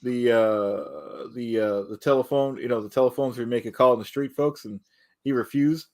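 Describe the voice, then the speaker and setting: A man voices a scheming, reckless businessman who talks in a folksy, crowd-pleasing way. His pitch is middling and ordinary for a man, with nothing strained about the delivery. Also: moderate pace, a little mellow, natural voice. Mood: wry. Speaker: debater in a comedy sketch. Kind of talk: improvised comedy debate.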